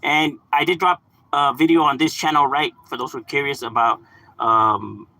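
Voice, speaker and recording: A young man from Southern California chatting casually on a live stream, relaxed, swearing and laughing often. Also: mid-range voice, moderate pace, vocal fry. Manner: laid-back, laughs often, drops swear words and slang. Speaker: livestream gaming host.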